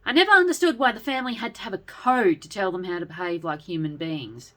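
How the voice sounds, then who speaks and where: A woman's voice: fairly low pitch, lively intonation, quick pace, sharp tone. A woman voicing a skeptical aunt with a dry, scoffing manner. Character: skeptical older aunt, wry.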